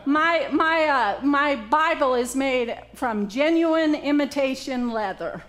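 High-voiced, unhurried woman preacher. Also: a bit bright. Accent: Southern US. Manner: joking, interactive with congregation. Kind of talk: conversational sermon.

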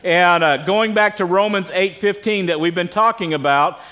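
High-voiced man preaching casually. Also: moderate pace, pushed and bright. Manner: casual, quizzes the congregation with questions. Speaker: pastor. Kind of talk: conversational sermon. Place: church service with congregation.

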